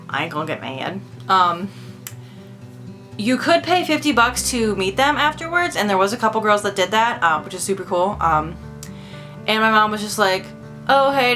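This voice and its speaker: Woman vlogging, super bright voice, lots of ums and likes, gushy, faint guitar music behind. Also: medium pitch. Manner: rambling, heavy on fillers like "um" and "like"; gushing and enthusiastic. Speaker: doll-collecting vlogger. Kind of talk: casual chat.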